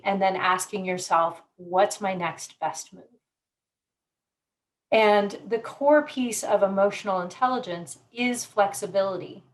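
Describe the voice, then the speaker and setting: A woman psychologist from Colorado, explaining ideas in a measured way with everyday examples during an interview. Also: medium pitch, a little hiss or hum, poor audio. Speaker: psychologist guest. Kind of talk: conversational interview.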